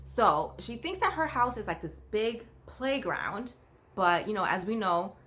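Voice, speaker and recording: A woman talks straight to her viewers in a relaxed vlog, telling a story about her work as a nanny. Her voice sits at a middle pitch. She talks loosely and conversationally, with plenty of fillers. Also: a little slow, slight background noise. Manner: chatty, storytelling, with frequent fillers like "like" and "you know".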